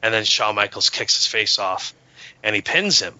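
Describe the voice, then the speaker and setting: Man, low bright voice, eager rambling storyteller, lo-fi podcast sound. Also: expressive, moderate pace. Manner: enthusiastic, storytelling with many fillers. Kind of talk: casual chat. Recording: dull lo-fi sound.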